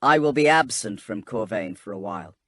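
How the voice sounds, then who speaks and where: A man voicing a grave, husky inquisitor. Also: fairly low pitch, animated, brisk, fairly bright tone, dry recording. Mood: reserved.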